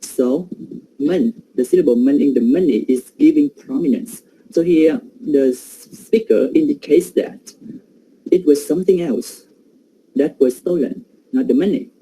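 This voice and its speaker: A man's voice: on the high side, measured pace, warm tone, slightly rough, low-quality recording. A man giving an academic presentation on pronunciation, hesitant and full of fillers.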